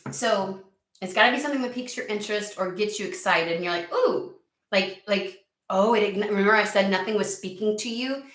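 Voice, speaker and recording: A woman's voice: medium pitch, fairly quick, a bit bright, far from the mic. A woman gives a casual tarot reading, her mid-range voice jumping between amused exasperation and sudden outbursts. She swears freely and talks back at the spirit she's reading for. She sounds a step away from the mic, in a room that echoes. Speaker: tarot reader.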